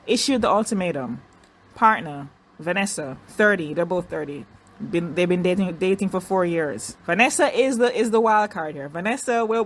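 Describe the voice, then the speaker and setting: A woman casually reviewing a reality dating show, chatty and animated, restarting sentences and doing mocking impressions. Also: mid-range voice. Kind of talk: casual recap commentary.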